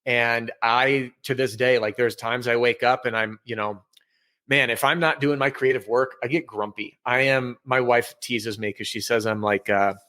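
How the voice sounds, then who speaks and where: A man, a sales trainer and author, talking in a casual interview, energetic and candid as he tells stories from his work. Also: mid-range voice, moderate pace. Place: home office with bookshelf.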